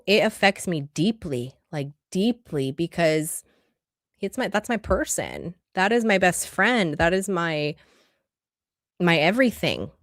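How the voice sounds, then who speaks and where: A woman's voice: lowish voice, dry recording, studio quality. A woman relationship coach giving an earnest, conversational livestream talk full of rhetorical questions.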